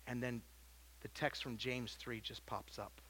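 A man preaching a sermon, swinging from loud emphasis to quiet, low lines and often restarting his words. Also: level tone, a little slow, a little hiss or hum. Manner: self-interrupting with repeated words. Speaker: pastor.

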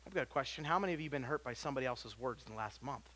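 A man preaching a sermon, swinging from loud emphasis to quiet, low lines and often restarting his words. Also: animated, rapid-fire. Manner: self-interrupting with repeated words. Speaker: pastor.

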